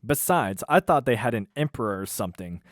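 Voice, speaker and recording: A man reads as a catty young waitress who sneers at a rival. The tone stays near his own, pushed a bit louder and more snide, in a dry close room. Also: mid-range voice, animated, fairly quick, no room sound, close to an everyday voice.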